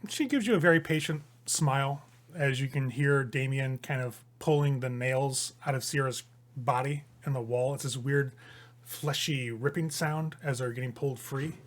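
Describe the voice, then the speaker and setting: A man narrating as the game master of a tabletop role-playing game, in a lively, animated way. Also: mid-range voice, moderate pace.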